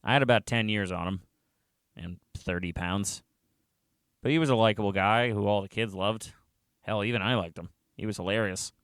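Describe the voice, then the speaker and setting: A man's voice: lowish voice, normal speed, fairly bright tone, smooth, no room sound. A man narrating a first-person story in a wry, conversational way, with dry little asides.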